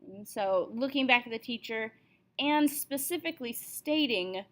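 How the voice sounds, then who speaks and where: A woman's voice: sits high, lively intonation, unhurried. A woman teaching a recorded writing lesson, explaining points step by step and reading short example passages aloud.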